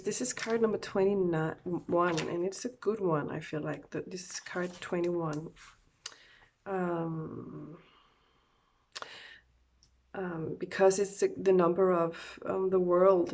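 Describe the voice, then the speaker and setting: A woman who has just woken up does a loose, unprepared oracle card reading. Her voice sits fairly low with a gravelly fry, and she talks slowly, stumbling and correcting herself as she goes. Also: a little mellow. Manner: hesitant, loose, full of fillers and self-corrections.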